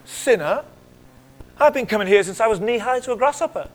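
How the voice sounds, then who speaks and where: A middle-aged male pastor preaching in church, swinging between loud exclamations and hushed whispers and asking the congregation questions. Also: sits high, expressive, a little fast. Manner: conversational, asks the congregation questions. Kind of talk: sermon.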